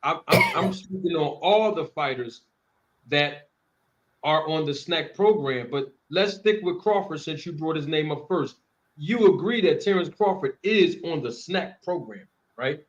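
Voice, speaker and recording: Boxing stream host guy, kinda high voice, keeps pushing the caller, muffled audio. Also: lively intonation, measured pace. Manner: pressing, leading questions. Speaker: host of a live boxing call-in show. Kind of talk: live call-in debate.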